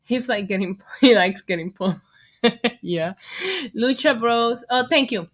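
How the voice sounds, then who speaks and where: A young woman with a New York accent hosting a casual wrestling livestream, chatty and excitable, thanking viewers in the chat by name. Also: a little high, a little slow. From United States. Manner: chatty, excitable, reads chat names aloud.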